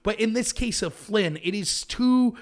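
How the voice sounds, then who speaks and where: An American man hosting a political call-in show, arguing emphatically and mocking opponents. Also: unhurried. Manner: emphatic, argumentative, mocks opponents in high voices. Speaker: show host.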